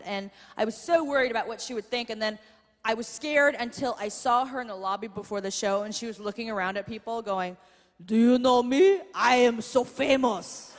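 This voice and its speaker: A woman comic talks to a theater audience in a chatty, self-mocking way and swears for punch. Her voice sits high. The live sound carries a long hall reverb, crowd noise and steady room noise. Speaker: stand-up comedian. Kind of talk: stand-up comedy. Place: large theater stage.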